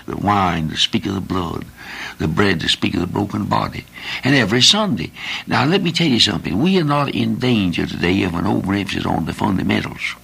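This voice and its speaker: Gravelly-voiced older man preaching. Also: on the low side, a little fast, a bit bright. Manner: folksy, repetitive preaching with rhetorical questions. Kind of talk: sermon.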